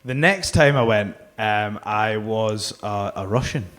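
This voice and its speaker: A man's voice: lowish voice, measured pace, fairly bright tone. A man, a guest wrestler telling rambling, self-mocking stories on a live podcast stage. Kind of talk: casual anecdote telling.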